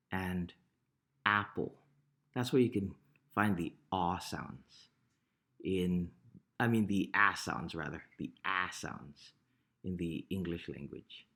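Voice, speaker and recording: Male teacher, low voice, slow casual explaining. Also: sharp tone. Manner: unhurried, often checks in with "right?". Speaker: language teacher. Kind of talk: casual pronunciation lesson.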